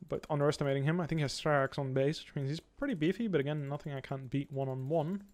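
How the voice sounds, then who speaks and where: A young man giving live commentary while playing a video game, thinking aloud in a calm, analytical way. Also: on the high side, quick pace. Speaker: pro gamer streaming.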